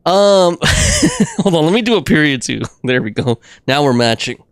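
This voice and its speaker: A man's voice: a little high, animated, moderate pace, clear, resonant tone, no room sound, clean studio sound. A young man livestreaming a game, chatting casually, rambling through restarts and laughing often.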